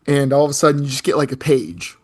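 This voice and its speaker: A man's voice: mid-range voice, animated, fast, a crowd in the background. A man playing a tabletop game, chatting casually and joking with a giggle. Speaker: player.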